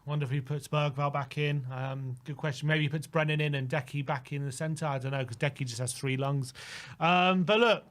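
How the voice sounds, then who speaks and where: A man's voice: on the high side, fairly even intonation, brisk, a bit bright. A man hosting a football fan show, bringing on callers with teasing, laughing banter. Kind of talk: casual football chat.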